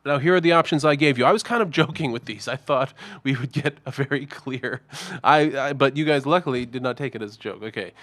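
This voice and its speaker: A man's voice: medium pitch, fairly quick, a bit bright, dry recording. A man hosting a guitar reaction channel, talking in a chatty, wry way with self-mocking asides. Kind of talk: casual reaction-video commentary.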